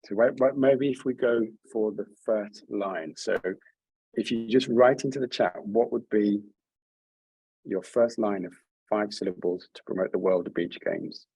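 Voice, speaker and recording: A man's voice: fairly low pitch, measured pace, gravelly, darkish tone, husky, dry recording, poor audio. A man leading an online writing workshop over a video call, speaking in a friendly, encouraging way with frequent restarts. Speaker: workshop leader.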